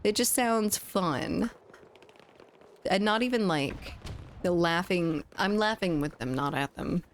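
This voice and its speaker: Young female streamer, lowish voice, chatty and giggly, close studio mic. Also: lively intonation, takes it slowly, a little hiss or hum. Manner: chatty, giggly, reads chat aloud. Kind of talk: casual gaming livestream chat. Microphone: studio condenser mic.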